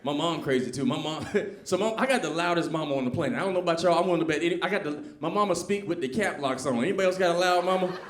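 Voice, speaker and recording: A man from the American South, doing an animated, conversational stand-up set and quizzing the crowd. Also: fairly high pitch, racing, few pauses, a little hiss or hum. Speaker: stand-up comedian. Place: comedy club stage. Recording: echoey club room.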